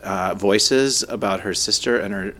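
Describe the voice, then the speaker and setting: Low-voiced joking podcast co-host man. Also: unhurried, pushed and bright. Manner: joking, rambling with many restarts. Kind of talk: casual chat. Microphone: studio headphones and microphones.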